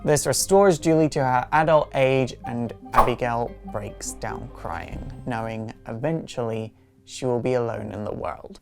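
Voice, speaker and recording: A woman hosting her own show, casually recapping a comic story in an animated way. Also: extremely low pitch. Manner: animated retelling with quick character voices. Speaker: host.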